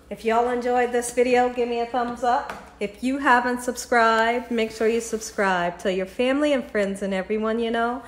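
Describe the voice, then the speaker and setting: In an echoing home kitchen with a little hiss or hum, a woman hosts a casual cooking video. She talks to her viewers while tasting and pouring, laughing a lot. Her voice runs on the high side, expressive, at a moderate pace.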